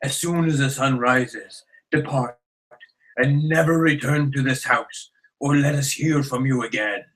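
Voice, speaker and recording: A man's voice: medium pitch, unhurried, a bit bright, lightly acted, rough recording. Brief: man voicing a threatening demon from a read-aloud storybook, menacing.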